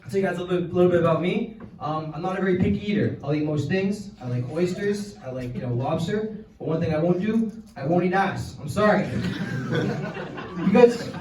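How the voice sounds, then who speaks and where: A man's voice: high-pitched, fairly quick, noisy background. A young man in his twenties from Canada, doing a crude, rambling stand-up set full of fillers. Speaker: stand-up comedian. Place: comedy club stage. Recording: roomy club sound from far off. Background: audience laughter.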